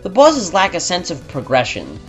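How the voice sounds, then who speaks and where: Blunt sarcastic guy reading his game review, lively up and down voice, faint music under. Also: high-pitched, normal speed. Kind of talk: scripted video review narration.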